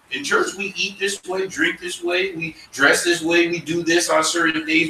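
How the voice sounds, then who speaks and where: A man's voice: on the high side, steady tone, moderate pace, few pauses, sharp tone, a little hiss or hum. A man teaching a church Bible class, acting out voices of kids and parents. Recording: roomy, from far off, faint ambience.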